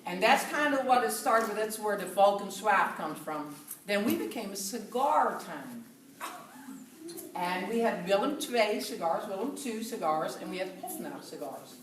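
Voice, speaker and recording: A woman in her fifties from the southern Netherlands with a Dutch accent, giving a chatty, lively talk to a group and laughing often. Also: medium pitch. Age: 50s. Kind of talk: casual talk to an audience. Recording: echoey room, from far off.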